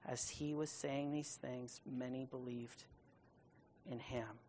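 A woman's voice: a bass voice, steady tone, warm tone, slight background noise. Woman teaching a casual Bible study. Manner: reads scripture then paraphrases it in casual modern speech; emphatic, stretches key words slowly.

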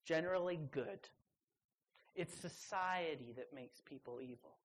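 A woman preaching a sermon to a live audience. She speaks emphatically and conversationally, with teasing asides and sudden jumps into high voices for quotes. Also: measured pace.

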